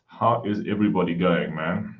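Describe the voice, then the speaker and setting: A man with a very low voice chats casually on a home live stream, calling out viewers by name in a friendly, hushed way. The audio is dull and lo-fi. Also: moderate pace. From South Africa. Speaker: livestream host. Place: home room.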